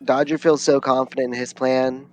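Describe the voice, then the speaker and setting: A man's voice: medium pitch, level tone, normal speed, faint music behind. A man playing a tabletop game, wry and teasing. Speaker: player. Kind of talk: casual tabletop play.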